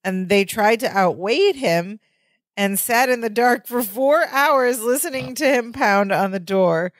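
A woman's voice: fairly high pitch, unhurried, no room sound. A woman co-hosting a podcast, chatting casually as she retells a sitcom episode. She jumps into playful voices for the characters. The sound is dry and close. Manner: animated retelling with voiced quotes. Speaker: podcast co-host. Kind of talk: casual recap chat.

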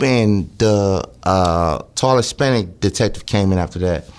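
A man's voice: sits low, unhurried, darkish tone. A man from California, a podcast guest, telling a story in casual chat, acting out other people's lines and swearing freely.

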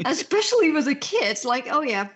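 A woman with a high voice co-hosts a podcast in loose, casual chat. She swears freely, laughs often, and pads her talk with fillers. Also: a bit bright, slight background noise. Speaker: podcast co-host. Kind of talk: casual chat about books and films.

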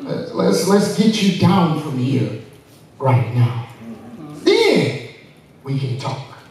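A man doing God, calm and gently firm, speaking with slow, lively rises and falls. The words carry from far off through a very echoey church. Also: medium pitch, slight background noise, exaggerated voice.

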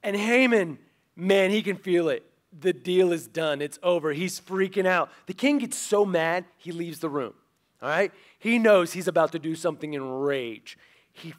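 A man preaching a sermon, retelling a story in a lively, animated way and acting out the characters' lines. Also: on the high side. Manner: animated, acts out quoted characters. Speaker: pastor.

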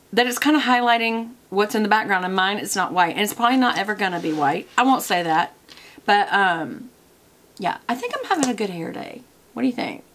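A woman chats to camera from her desk in a loose, rambling vlog, drifting from one tangent to the next. Her voice sits at an ordinary middle pitch, easy and conversational, with plenty of ums along the way. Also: fairly bright tone. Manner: chatty, wanders off on tangents, many fillers. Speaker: product review vlogger.

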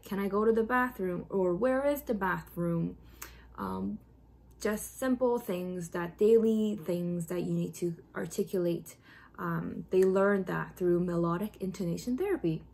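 A young woman explains music therapy techniques in a casual, friendly tutorial manner. Her voice sits at a middle pitch with a noticeable gravelly fry. She fills pauses with ums as she goes. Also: a little mellow. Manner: chatty, frequent ums, sings short demo phrases.

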